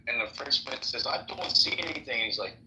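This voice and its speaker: Bright crude guy rambling through a joke, echoey room, faint hiss. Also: medium pitch, expressive, fairly quick. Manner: profane, rambling storyteller. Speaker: podcast host. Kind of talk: casual chat, telling jokes.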